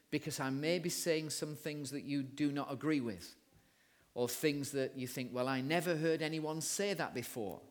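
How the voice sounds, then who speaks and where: Give me an Englishman preaching a sermon in a somewhat high voice, telling stories and reading scripture aloud. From England. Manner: storytelling, reads scripture aloud.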